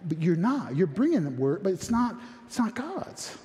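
A man preaching a sermon, with an impassioned manner and frequent restarts that rise toward near-shouting. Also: high-pitched, big pitch swings, moderate pace, long reverb tail. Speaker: pastor.

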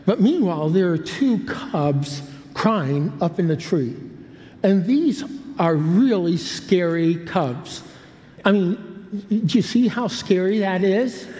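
A man's voice: high voice, animated, slow pace, dark tone, a little hiss or hum. Older preacher man in an echoing hall. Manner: rambling, self-interrupting with humorous asides. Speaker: pastor. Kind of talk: sermon storytelling. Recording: long hall reverb.

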